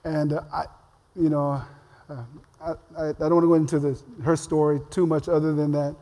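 A man's voice: on the high side, level tone, normal speed, dark tone. An older man, a pastor, giving a sermon in a casual, humorous storytelling way. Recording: long reverb of a large hall.

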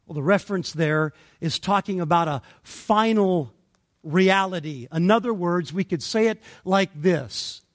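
Slow, high-voiced male preacher. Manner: deliberate, emphatic preaching with pauses. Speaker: pastor. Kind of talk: expository sermon.

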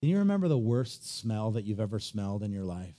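A man preaching a sermon, animated and conversational, often acting out quoted voices. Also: lowish voice, brisk. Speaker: pastor.

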